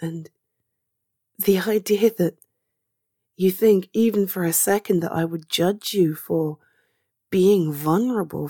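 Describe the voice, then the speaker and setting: A woman performing a comfort audio role-play, speaking gently and reassuringly to the listener and sometimes dropping into a whisper. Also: lowish voice, unhurried, long pauses, husky, no room sound, studio quality.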